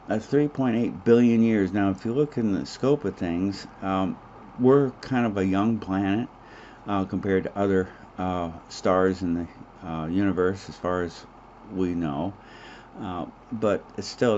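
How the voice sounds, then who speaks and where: A man's voice: deep voice, a little slow, a little mellow. A man teaching a recorded biology lecture, talking loosely with filler words and joking asides. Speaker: biology instructor. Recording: dull muffled audio with faint hiss.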